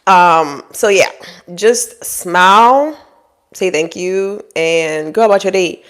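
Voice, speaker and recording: A woman talking straight to her audience with relationship advice, bluntly scolding and acting out quoted people in high mock voices. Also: slow pace, a bit bright, smooth. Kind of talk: direct-to-camera advice monologue.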